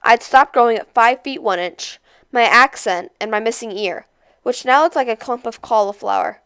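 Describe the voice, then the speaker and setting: A young woman casually introducing, then reading a novel aloud with expressive character voices. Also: on the high side, moderate pace, smooth, no echo. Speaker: read-aloud host.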